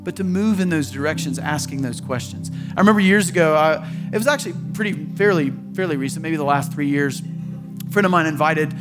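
High-voiced male pastor preaching over music. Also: brisk. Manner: conversational, acts out quoted voices. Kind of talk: sermon.

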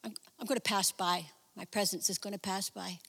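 A gentle, patient God speaks low and soft, as a woman preacher lowers her voice to play him. Each calm word hangs in the long echo of a large hall. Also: a little fast, vocal fry, slightly rough.

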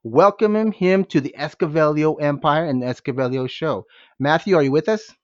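A man hosting a podcast with high energy, firing rhetorical questions at his listeners. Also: a little fast, no room sound. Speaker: podcast host. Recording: dull, dry lo-fi sound.

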